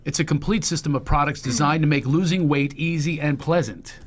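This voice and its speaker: A man hosting a comedy talk show, joking, telling stories and reading an ad in casual banter. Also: a little high. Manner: joking, storytelling, quick asides.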